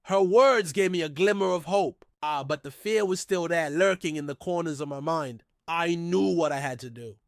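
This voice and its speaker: A man telling an emotional first-person drama, his delivery tense and dramatic. His voice is somewhat high for a man, and the recording is dry with no room sound. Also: normal speed, hardly any pauses, no echo. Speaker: narrator. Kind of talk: first-person story narration.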